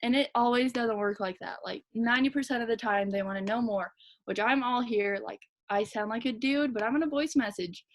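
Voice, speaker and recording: Fast-talking young woman giving pep talk. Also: a little high. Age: young adult. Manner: fast, chatty, energetic, lots of "like" and "you guys". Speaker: direct sales team leader. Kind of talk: motivational talk.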